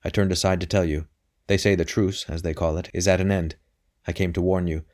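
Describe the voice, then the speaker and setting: A man's voice: low-pitched, steady tone, brisk, a little mellow, close to an everyday voice. A man voicing a distraught messenger who speaks urgently and agitated, in an audiobook reading. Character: distraught man, messenger bringing bad news.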